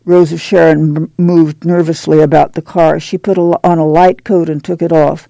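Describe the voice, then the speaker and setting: Gravelly, mellow male narrator. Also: a little high, little pitch movement, normal speed, few pauses, no echo, poor audio. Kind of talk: audiobook narration.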